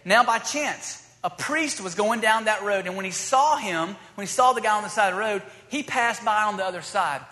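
Male preacher, high and bright, loose and chatty, acting out the scripture, echoing in a large hall. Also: moderate pace, hardly any pauses. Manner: conversational, acts out dialogue in scripture. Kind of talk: sermon. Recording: long hall reverb.

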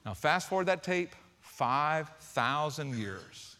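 A pastor preaching with a bright, fairly high voice that swings up and down as he tells a story. He keeps an animated storytelling manner throughout. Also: slow. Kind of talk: sermon.

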